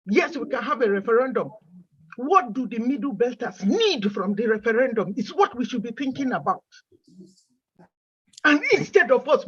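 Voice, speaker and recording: A high-voiced woman makes an emotional plea on a video call, pressing her listeners with repeated questions. Her voice is breathy and a little husky. The call audio sounds dull and muffled. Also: a bit bright. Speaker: caller in an online meeting. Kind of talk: impassioned plea.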